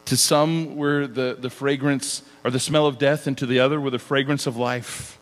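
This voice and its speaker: A middle-aged man preaching a conversational sermon, animated and chatty, often laughing between sentences. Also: mid-range voice, moderate pace, few pauses. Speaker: pastor. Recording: long hall reverb.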